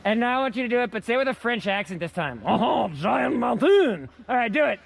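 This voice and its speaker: A male science teacher giving a playful, energetic hands-on lesson outdoors in the snow, repeating key words. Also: very high-pitched, racing.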